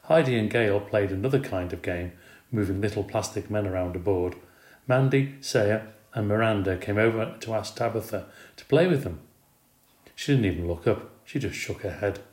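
A man's voice: on the low side, moderate pace. Roomy-sounding man reading a storybook. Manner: expressive, animated reading. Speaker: reader. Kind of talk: storybook narration. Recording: roomy recording.

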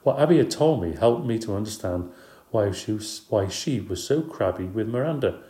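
A man's voice: fairly low pitch, lively intonation, moderate pace, mellow, echoey room. A man narrating a children's story in the first person, in a light, chatty, playful way. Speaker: audiobook narrator.

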